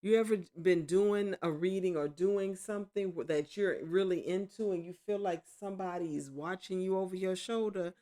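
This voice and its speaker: A woman giving a casual tarot reading at home, rambling and correcting herself, with excited exclamations. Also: lowish voice, normal speed, hardly any pauses. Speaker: tarot reader.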